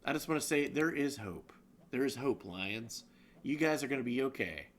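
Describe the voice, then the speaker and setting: A man's voice: mid-range voice, lively intonation, normal speed, fairly bright tone. A man co-hosting a comedic live-streamed news roundup, rambling and joking, often laughing. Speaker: co-host.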